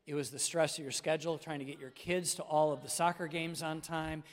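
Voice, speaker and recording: A man's voice: on the high side, steady tone, brisk, long reverb tail. A middle-aged male pastor preaching a sermon with emphasis, speaking straight to his congregation. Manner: emphatic preaching, addresses listeners directly.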